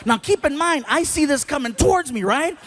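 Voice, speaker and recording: A male stand-up comedian tells a self-mocking story in an animated way, jumping into voices as he goes. His voice sits unusually high for a man. Faint ambience from the live venue carries behind him. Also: a little fast, a little hiss or hum.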